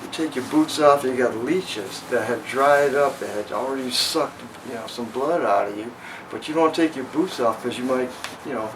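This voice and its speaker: A man in his sixties from Los Angeles recounts his memories in a frank, storytelling way during a home interview. His voice sits at an ordinary pitch for a man. It is picked up from a distance, with a steady air conditioner hum underneath. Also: normal speed. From Los Angeles, USA. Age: 60s. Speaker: veteran interviewee. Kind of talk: oral history interview.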